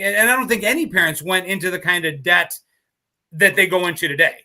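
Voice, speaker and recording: Podcast co-host, man in his fifties, high and very bright voice, animated storyteller. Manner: animated storytelling, quick to laugh. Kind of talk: casual live podcast chat.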